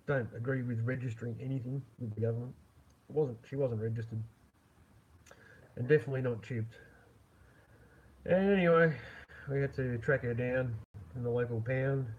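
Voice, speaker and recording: A man's voice: medium pitch, slightly rough. A man chatting casually on a live stream, rambling and chuckling with lots of fillers. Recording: dull lo-fi with faint noise.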